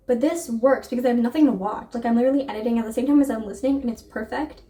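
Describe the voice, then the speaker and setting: A young adult book vlogger chats casually to camera, racing along and gushing about books with "like" sprinkled everywhere. Her voice is on the high side with a dark tone, and she's recorded from a distance.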